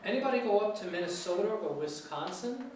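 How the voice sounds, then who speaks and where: A man's voice: sits high, lively intonation, fairly quick, darkish tone. A middle-aged man teaching an informal English lecture, chatty and asking students questions. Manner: chatty, asks the audience questions, imitates regional accents. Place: lecture hall. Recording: echoey hall from far off, faint noise.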